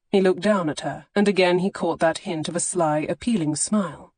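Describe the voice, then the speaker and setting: A woman narrating a historical romance audiobook in a measured, expressive reading on a close studio mic. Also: fairly low pitch, no echo. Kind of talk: scripted narration.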